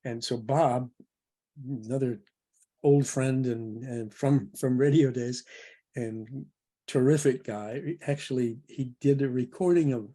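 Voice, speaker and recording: A man's voice: medium pitch, takes it slowly, warm tone. An older man, a producer, telling a long anecdote as a guest on a video call interview, rambling and chuckling as he goes. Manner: rambling, self-correcting, chuckling.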